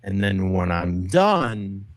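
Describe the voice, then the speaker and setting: A man in a played stream clip, talking slowly and deliberately in a lecturing tone. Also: deep voice, big pitch swings, no echo. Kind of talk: slow stream monologue.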